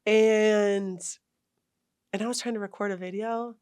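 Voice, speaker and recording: A young adult woman telling a hiking story in a casual interview, animated and acting out what people said. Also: medium pitch, unhurried. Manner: animated, retells arguments with lively quoted voices. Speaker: guest, long-distance hiker.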